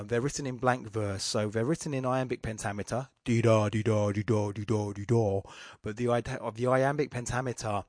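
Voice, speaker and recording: A man's voice: medium pitch, no room sound. Man, podcast host, rambling poetry lecture, dry sound. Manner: rambling, with many fillers and restarts.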